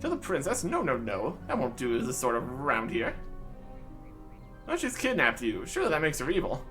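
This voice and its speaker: A man's voice: medium pitch, huge pitch swings, moderate pace, music in the background, voice pushed down. Man as a pompous bearded old dwarf, plummy old-fashioned posh diction, sing-song delivery. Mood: jolly.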